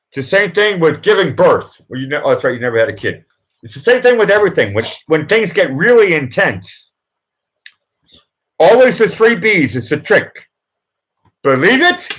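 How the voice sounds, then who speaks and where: This Boston-accented host and producer gives an emphatic pep talk over live chat. He coaches by repeating himself, going loud and high on each mantra.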